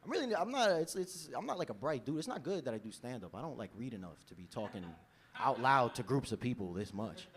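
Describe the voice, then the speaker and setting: At a comedy club, a man in his 20s from New York does stand-up at a fairly quick clip in a medium-pitched voice. He's lively and easygoing, laughing along with his own jokes and frequently adding "you know?".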